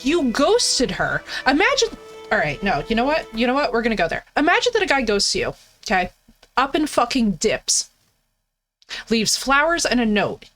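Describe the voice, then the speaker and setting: A woman's voice: high voice, fairly bright tone. A woman streaming a game, ranting casually and profanely while answering her chat. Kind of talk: casual live-stream commentary.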